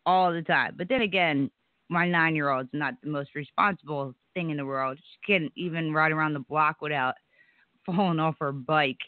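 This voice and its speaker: A woman's voice: sits low, normal speed, dry recording. A woman co-hosting a casual talk show, talking about her daughter with wry, sarcastic banter. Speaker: co-host. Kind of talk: casual podcast chat. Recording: tinny phone-like sound.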